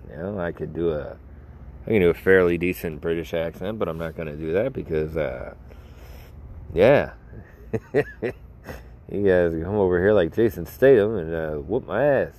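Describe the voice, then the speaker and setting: Young male podcast host, low-pitched, loose and self-mocking, casual solo talk. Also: normal speed, long pauses, darkish tone. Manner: rambling, jokey, self-mocking. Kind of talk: rambling solo podcast chat. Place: outdoors.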